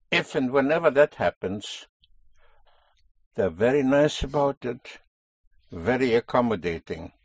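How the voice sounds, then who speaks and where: A man's voice: mid-range voice, husky, no echo. A man teaching a language lesson, explaining a stress rule patiently and stressing key words.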